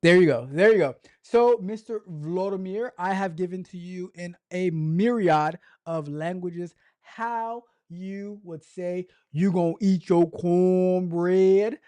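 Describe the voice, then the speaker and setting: A man's voice: sits high, takes it slowly, hardly any pauses, darkish tone. Joking man hosting a tech livestream. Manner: joking, reads news aloud with stumbles and repeats. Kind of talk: casual livestream commentary.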